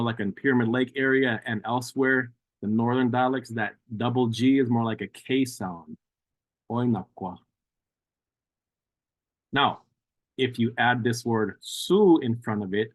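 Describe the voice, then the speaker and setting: Male language teacher, mid-pitched, patient, slow repetitions, dry close mic. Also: dry recording. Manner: patient, repeats words slowly for learners. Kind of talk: online language class.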